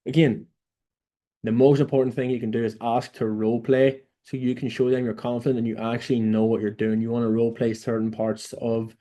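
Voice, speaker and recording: Young irish guy coaching, blunt and sweary, kinda dark mellow voice, keeps saying right?. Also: medium pitch, level tone, fairly quick. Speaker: online business coach. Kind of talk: casual coaching monologue. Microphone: phone or camera mic in a room.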